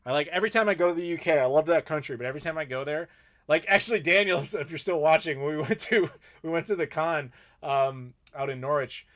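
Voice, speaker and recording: A man's voice: a little high, fast, a bit bright. Opinionated American man hosting a live chat. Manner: opinionated, playful ranting with laughs. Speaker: YouTube host.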